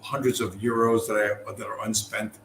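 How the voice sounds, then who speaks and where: A man's voice: on the low side, level tone, normal speed, a bit bright. A middle-aged man from the United States telling a long, profane, rambling story in casual talk. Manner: profane, rambling, full of fillers and restarts. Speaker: podcast host. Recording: roomy with faint background noise.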